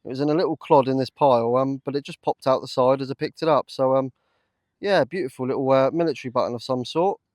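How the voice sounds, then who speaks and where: A man talking to camera in an open field, chatty and full of ums and uhs, quick to get excited. His voice sits at an ordinary middle pitch. The sound is close and dry, with no room around it. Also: dry recording. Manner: chatty, excitable, lots of fillers. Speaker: metal detecting vlogger. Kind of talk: casual commentary to camera.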